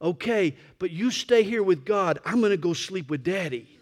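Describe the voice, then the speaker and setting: A frightened little girl at bedtime, as a male preacher puts her on. The voice sits high and keeps close to his own plain speech, told as a light joke. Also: expressive, moderate pace, in a large hall. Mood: timid.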